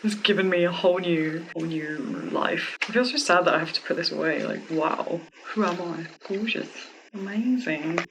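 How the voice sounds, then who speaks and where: A woman vlogging a casual product review at home, gushing and excitable, with many "like" fillers and frequent giggles. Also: on the low side, normal speed, few pauses, noisy background. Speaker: beauty vlogger reviewing a wig.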